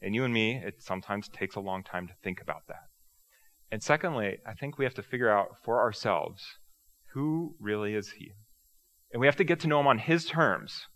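A man preaching a sermon in a relaxed, conversational way, asking rhetorical questions and joking at his own expense. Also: lowish voice, normal speed. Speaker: pastor.

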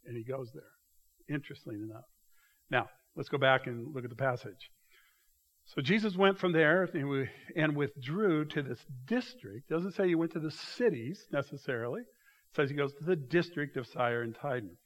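A man preaching a sermon, walking his listeners through a passage with emphatic, animated storytelling. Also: fairly high pitch, normal speed. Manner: animated, emphatic storytelling with rising bursts of loudness; directs listeners to mark passages in their notes. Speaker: pastor.

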